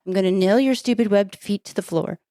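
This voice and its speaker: A woman reads out an exasperated shop clerk's threat in her own mellow, flat voice. The delivery barely leaves her everyday tone and sounds dry and close. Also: mid-range voice, brisk, no room sound, lightly acted. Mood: fed up. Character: fed-up male store clerk.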